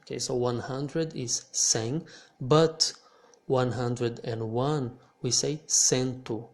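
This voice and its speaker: Slow-speaking man teaching. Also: mid-range voice, steady tone. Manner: patient, hesitant restarts, repeats words for practice. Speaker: language teacher. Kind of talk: slow explanatory lesson.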